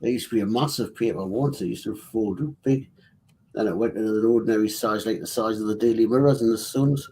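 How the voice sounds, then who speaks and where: A man's voice: on the low side, brisk, slight background noise. A man chatting casually while building a model kit, explaining each step as he goes. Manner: relaxed, explains assembly steps as he works.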